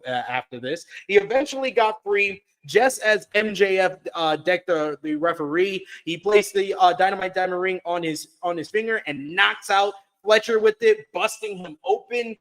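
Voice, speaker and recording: A man recapping a wrestling show play by play as a podcast reviewer, with excited asides. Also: high-pitched, normal speed, few pauses, rough recording.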